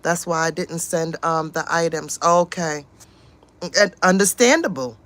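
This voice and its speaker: A woman's voice: low-pitched, a little slow, a bit bright. A woman hosting a casual livestream, reading chat comments aloud and giving outspoken, exasperated commentary with frequent swearing.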